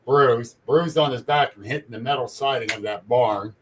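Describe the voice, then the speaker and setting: A man's voice: medium pitch, moderate pace, a bit bright. An older man, a grandfather, telling easygoing stories in casual chat and chuckling as he goes.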